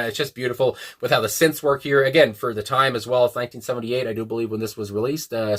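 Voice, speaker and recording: A man talks through a song review in a loose, rambling way, full of "um"s and restarts. His voice is bright and forward. He stays enthusiastic as he chats on. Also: medium pitch. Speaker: music reviewer. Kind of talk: casual reaction review.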